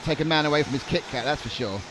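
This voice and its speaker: A young man calls live radio-control races with a joking, rambling delivery that often stammers into restarts. His voice sits a little high. Engine whine and track noise run underneath. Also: fast. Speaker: commentator. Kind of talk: live race commentary. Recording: noisy trackside broadcast.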